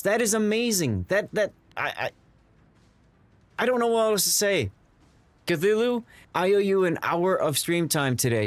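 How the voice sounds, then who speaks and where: A man with a medium-pitched voice, recorded with no room sound, is streaming live to his viewers. He's tearing up, stammering and repeating himself as he thanks them in excited live-stream chat.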